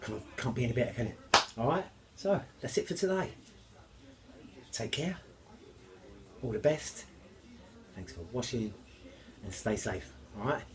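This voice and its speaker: A man talks through his home baking in a loose, chatty vlog. He rambles cheerfully and jokes at his own expense, and his voice sits at an ordinary middle pitch. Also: big pitch swings, unhurried, pauses often, crowd noise. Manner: cheerful, rambling, self-mocking. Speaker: home cooking vlogger. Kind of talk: casual chatty cooking vlog.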